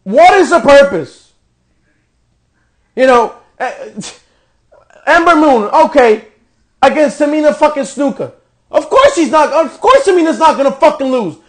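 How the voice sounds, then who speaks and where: High-voiced, profane ranting man. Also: expressive, unhurried, pauses often. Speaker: podcast host. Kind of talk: ranting wrestling show review.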